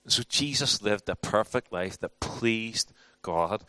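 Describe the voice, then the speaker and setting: Guy preaching to a small group, casual and conversational, lots of restarts, kinda low voice. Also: animated, a little slow, pushed and bright, clear, resonant tone, no echo. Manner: conversational, restarts, acts out quotes. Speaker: preacher teaching a class. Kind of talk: informal sermon teaching.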